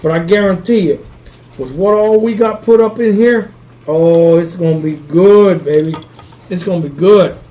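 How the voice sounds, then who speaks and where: A man's voice: high voice, moderate pace, mellow, low-quality recording. A man hosting a casual cooking vlog from his kitchen, rambling, swearing casually and talking straight to his viewers while he cooks. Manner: rambling, swears casually, keeps asking "you know what I mean". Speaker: cooking channel host.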